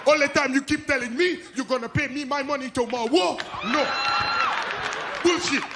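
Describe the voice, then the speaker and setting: A man doing a furious Haitian man yelling for his money. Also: very high-pitched, moderate pace. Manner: yelling, repeating insults. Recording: live club with loud crowd and noise.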